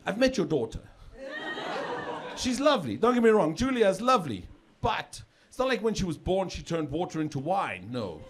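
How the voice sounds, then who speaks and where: Recorded live at a comedy club with audience laughter and a noisy background, a middle-aged South African man talks at normal speed in a high, sing-song voice. His chatty set leans on repeated words as each joke builds.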